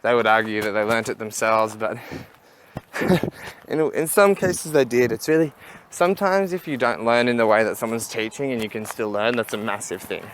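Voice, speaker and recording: A man's voice: on the low side, moderate pace, slight background noise. Rambling young man on a walk-and-talk vlog. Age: young adult. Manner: rambling and chatty, laughs at his own stories. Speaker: vlogger. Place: outdoors, walking.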